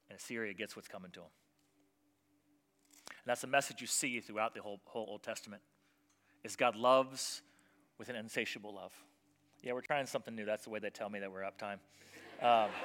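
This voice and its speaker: A man preaching a sermon as pastor, telling stories with lively acted-out voices and swinging between loud emphasis and quiet softness. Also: on the low side, a little fast, long pauses. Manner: animated storytelling, acting out voices of biblical figures.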